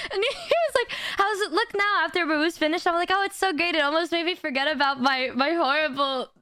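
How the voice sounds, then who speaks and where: Bright, very high-voiced young woman streamer. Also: normal speed, no room sound, soft background music. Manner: animated, swearing, laughing through the story. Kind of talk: casual storytelling to a live chat.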